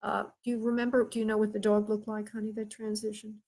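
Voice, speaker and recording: A woman hosts a live psychic reading, her voice a bit husky and breathy. She talks in halting bits with frequent pauses and fillers, gently calling her caller "honey" or "love". Her pitch sits in an ordinary middle range. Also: little pitch movement, poor audio. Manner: halting, pauses often, addresses caller with endearments. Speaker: psychic medium host.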